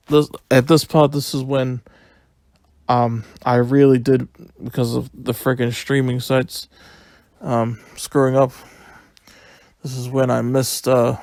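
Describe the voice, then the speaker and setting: A man giving a casual, excitable solo review, retelling events in a rambling, chatty way. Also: medium pitch, no echo, studio quality.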